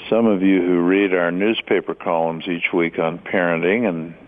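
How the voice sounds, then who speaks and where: A man's voice: deep voice, steady tone, normal speed. A man co-hosting a radio talk show, chatting casually with a wry, teasing manner. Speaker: radio co-host. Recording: phone-like lo-fi radio audio.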